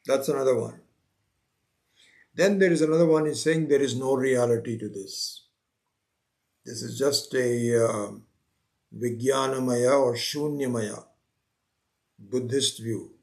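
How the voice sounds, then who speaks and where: A man teaching a spiritual scripture class, unhurried, repeating his phrases and acting out the seekers he quotes. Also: medium pitch, gravelly. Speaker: Vedanta teacher.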